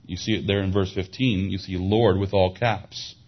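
A low, husky male voice preaching a sermon, working through scripture and Hebrew words in a teaching manner. The recording is dull and lo-fi. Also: fairly even intonation, normal speed. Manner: expository Bible teaching, explaining Hebrew words; rises in pitch and volume for emphasis. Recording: dull lo-fi sound.

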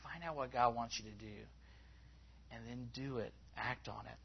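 A man preaching in an easygoing, conversational way, his pitch lifting whenever he acts out what people say. His voice sits mid-range, and the recording has a slightly dull, lo-fi sound. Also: normal speed, a little hiss or hum. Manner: conversational, rising in pitch when acting out quotes. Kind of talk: sermon.

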